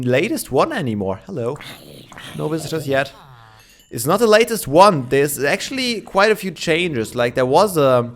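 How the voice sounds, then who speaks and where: A young man giving casual gameplay commentary, chatting and thinking aloud with many fillers, with his morning voice. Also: mid-range voice. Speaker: Minecraft let's player.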